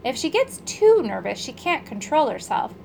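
A woman's voice: high-pitched, sing-song, normal speed, vocal fry, a little mellow, a little hiss or hum, heavily acted. A woman doing a smug, sly black cat. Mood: smug warning. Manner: languid and smug.

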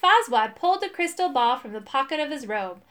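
Lady reading a kids storybook aloud, steady, voice kinda high. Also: brisk. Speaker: narrator.

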